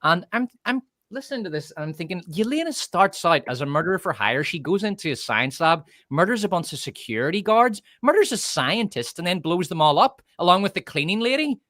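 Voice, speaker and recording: Blunt northern Irish man, bright tone. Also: high-pitched, big pitch swings, a little fast, hardly any pauses, dry recording, studio quality. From north of Ireland. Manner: blunt, profane, scornful. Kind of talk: casual opinionated chat.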